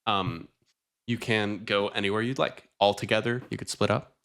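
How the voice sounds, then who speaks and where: A man's voice: on the low side, normal speed, vocal fry, a bit bright. A man running a tabletop game as game master, casual and laughing often.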